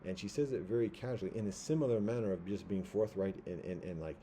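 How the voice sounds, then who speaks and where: Low, dark-voiced man rambling. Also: slight background noise. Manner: rambling, halting, many fillers and restarts. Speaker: commentator. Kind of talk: casual commentary monologue.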